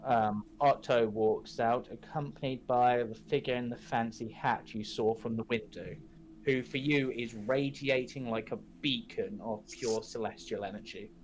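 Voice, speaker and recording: A man narrating a tabletop game as game master, in slow, measured descriptions. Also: medium pitch, fairly even intonation, a little hiss or hum, rough recording.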